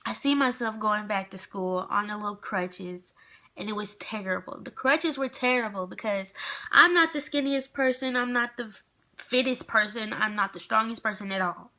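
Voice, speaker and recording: A woman's voice: mid-range voice, moderate pace, pushed and bright. A young adult woman telling a casual storytime vlog, chatty and rambling with lots of fillers. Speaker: vlogger.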